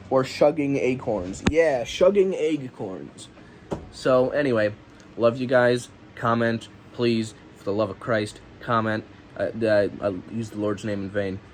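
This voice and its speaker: Sarcastic, cursing male podcast host. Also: mid-range voice. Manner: sarcastic and profane, riffing on a list. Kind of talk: casual solo comedy podcast. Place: home room with a lawn mower outside. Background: faint lawn mower noise from outside.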